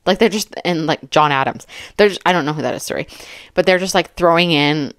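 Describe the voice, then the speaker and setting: Woman, thirties, commentary vlogger; deep voice, chatty, dry close mic. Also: fairly quick, no room sound. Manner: chatty, animated asides with laughing interjections. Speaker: commentary YouTuber and mother. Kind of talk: reaction commentary, reading quotes aloud.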